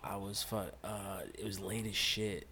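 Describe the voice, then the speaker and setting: A man's voice: lowish voice, flat delivery, measured pace, sharp tone, slight background noise. A young man telling a late-night story on a podcast in laid-back slang, swearing often. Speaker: podcast co-host. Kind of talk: casual storytelling chat.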